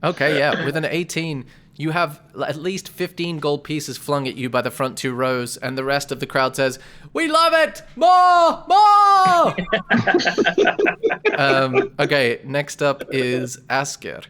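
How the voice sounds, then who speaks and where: A game master narrating a tabletop game, relaxed, with loose narration and easy laughter. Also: medium pitch, normal speed, few pauses.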